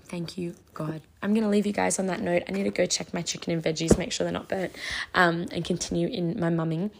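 A woman giving an excited, casual devotional talk at home, reading scripture aloud and gushing over it. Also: on the low side, fairly quick, gravelly, background noise. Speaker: Christian mom vlogger teaching the Bible. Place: home kitchen.

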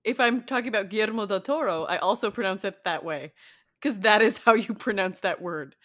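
Woman podcast co-host, emphatic and playful, mid-range pitch. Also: brisk, a bit bright. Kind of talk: casual chat.

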